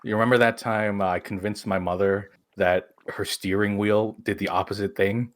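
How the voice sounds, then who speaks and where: A man's voice: fairly low pitch, little pitch movement, moderate pace, a little hiss or hum. A man chatting on a live-streamed podcast, telling family stories with plenty of swearing. He laughs easily and keeps a loose, casual flow. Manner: laughing storyteller, swears often. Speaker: podcast co-host. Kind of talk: casual chat.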